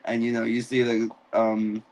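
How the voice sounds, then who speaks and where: Male host, mid pitch, casual and animated recap, acts out quotes. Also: normal speed, low-quality recording. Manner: animated, acts out characters' lines. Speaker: podcast host. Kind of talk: casual live-stream episode recap.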